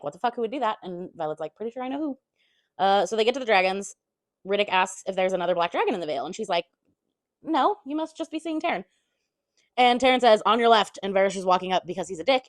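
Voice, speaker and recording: A woman's voice: medium pitch, no echo. A woman giving a casual chapter-by-chapter book recap, chatty, throwing in blunt swearing asides and half-acting the characters' lines.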